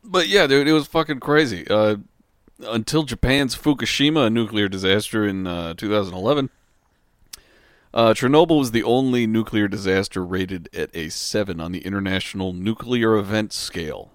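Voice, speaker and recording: A man's voice: fairly low pitch, moderate pace, no room sound, studio quality. A man co-hosting a podcast, laid-back and profane, reading out facts between casual chat. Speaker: podcast co-host.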